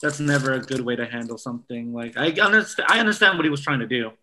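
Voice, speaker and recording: A man's voice: mid-range voice, fast, bright, forceful tone, a little hiss or hum. A man co-hosting a casual podcast chat, easygoing and hedging his points with fillers. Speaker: podcast co-host.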